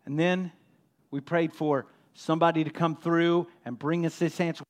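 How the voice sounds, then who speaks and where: A man preaching a sermon as pastor, dropping to a hush and rising to emphatic, loud peaks. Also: a little high, level tone, normal speed. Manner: swings from hushed to loud, emphatic.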